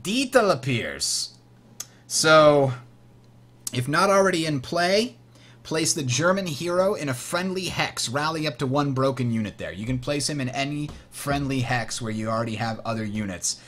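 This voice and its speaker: A young man hosting a board game tutorial, explaining rules as he plays, enthusiastic and quick to laugh. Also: mid-range voice, animated, fairly bright tone.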